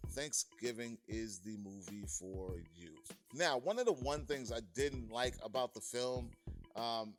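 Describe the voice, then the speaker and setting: A man from Massachusetts reviewing a film in a loose, chatty way, full of fillers and restarts and plainly enthusiastic. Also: medium pitch. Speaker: movie reviewer. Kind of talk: casual video review.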